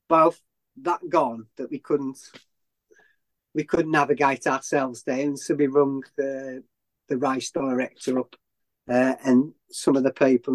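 A man, talking as a runner in an interview. His pitch sits in an ordinary middle range. He tells his story in a loose, rambling way and keeps circling back to restart his sentences. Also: darkish tone. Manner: rambling, with many restarts and self-corrections. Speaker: ultrarunner guest.

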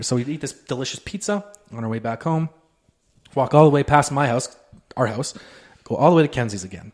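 A quick-talking man spins a rowdy story for his co-host, jumping into voices for everyone in it. His delivery is loose and profane, all casual podcast banter. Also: mid-range voice. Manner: animated storyteller, acts out quotes, swears freely.

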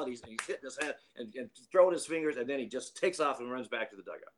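A man's voice: medium pitch, expressive, racing, few pauses. A man in his late fifties, a retired baseball umpire, telling stories in a rambling way with frequent restarts and chuckles. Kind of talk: anecdotal storytelling.

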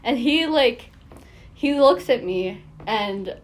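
Young woman telling stories, animated. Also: on the high side, takes it slowly. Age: young adult. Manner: animated storytelling, swears a lot, laughs often. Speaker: podcast co-host. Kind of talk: casual chat.

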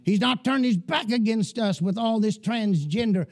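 A male preacher delivering a fiery sermon, often shouting and emphatic. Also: sits high, moderate pace.

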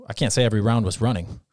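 A man's voice: lowish voice, fast talker, dry recording, studio quality. A man in his thirties chatting casually, telling stories and acting out quoted lines with energy. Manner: animated storyteller, acts out quoted lines. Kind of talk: casual chat.

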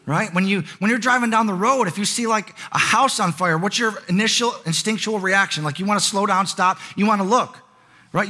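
High, bright-voiced preacher man. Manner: conversational, builds to emphatic repeated lines. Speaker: pastor. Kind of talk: sermon.

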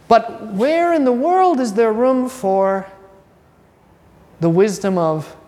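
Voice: mid-range voice, lively intonation, slow pace, long pauses, a little mellow. Casual joking teacher quizzing the class, heard in a room with long reverb. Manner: conversational, joking, quizzes students by name. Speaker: religion teacher. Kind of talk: classroom lesson with student questions.

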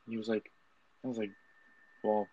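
A man's voice: fairly low pitch, little pitch movement, moderate pace. Rambling young man, lo-fi. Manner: rambling, filler-heavy storyteller. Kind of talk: casual chat. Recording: dull lo-fi sound.

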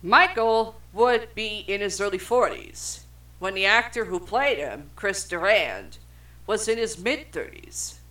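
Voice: medium pitch, animated, slow pace, sharp tone. A young adult podcast co-host reading film trivia aloud in casual chat, swearing freely and stumbling over words.

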